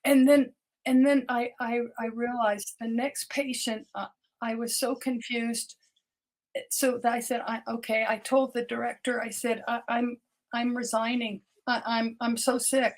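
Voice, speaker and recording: Older lady doctor on a podcast, pretty high voice, earnest, stumbles and repeats words. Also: flat delivery, unhurried. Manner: earnest, repeats words when starting sentences. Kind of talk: personal storytelling interview.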